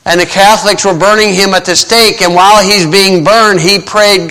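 A male preacher with a high, bright voice delivers a plain-spoken sermon, full of sarcastic asides and mock-voiced quotes. His voice rings out with a long reverb through a large hall. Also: fairly even intonation, moderate pace.

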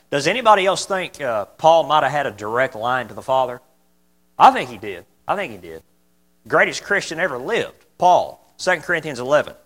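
Male preacher, middle-pitched, fervent but folksy, repeats his points, loud peaks and soft asides. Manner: impassioned, repeats key phrases, swings from loud to quiet. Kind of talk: sermon.

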